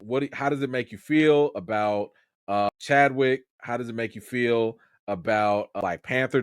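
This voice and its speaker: A man on a YouTube channel giving conversational livestream commentary about a film story, with an animated, filler-heavy delivery. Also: medium pitch, no room sound, studio quality.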